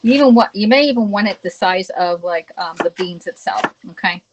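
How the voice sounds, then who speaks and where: A woman's voice: medium pitch, brisk, muffled recording, background noise. Chatty woman hosting a cooking livestream. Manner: chatty, keeps checking in with "okay?"; greets viewers and reads chat aloud. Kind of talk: live cooking demo and chat. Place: home kitchen.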